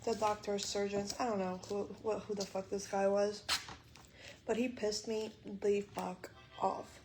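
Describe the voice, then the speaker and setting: A woman's voice: mid-range voice, flat delivery, unhurried, background noise. A young woman vlogging from a hospital room, venting with frustration and plenty of swearing. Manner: frustrated, swearing, quoting others in dialogue. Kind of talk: venting to camera.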